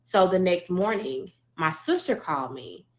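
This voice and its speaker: A woman's voice: on the low side, expressive, unhurried. A woman from Arkansas telling a heartfelt personal story in an earnest, emotional way, with frequent fillers and restarts. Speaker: speaker sharing a personal story.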